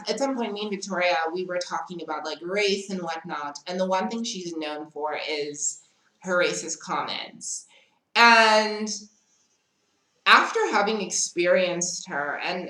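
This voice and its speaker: Female storytime vlogger, low-ish voice, slow and dramatic, echoey room. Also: sharp tone. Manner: chatty and dramatic, often calls the listener "girl". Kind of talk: casual storytime chat.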